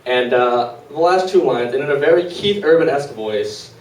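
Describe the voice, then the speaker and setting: A man's voice: medium pitch, expressive, moderate pace. A young man of twenty telling comic stories at an open mic in a small venue, in a loose, rambling way with lots of fillers. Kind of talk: live comic storytelling. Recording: roomy live room, distant mic.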